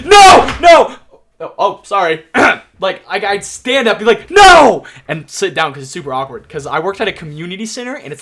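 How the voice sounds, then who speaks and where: Excitable rambling young man, higher voice. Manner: excitable, rambling storyteller full of "like". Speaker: anime YouTuber. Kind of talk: casual tier-list commentary.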